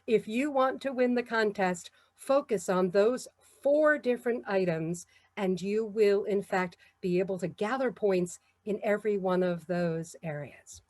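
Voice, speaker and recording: A woman with a New York accent giving a measured, encouraging talk on public speaking. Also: medium pitch, darkish tone, no echo. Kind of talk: instructional talk.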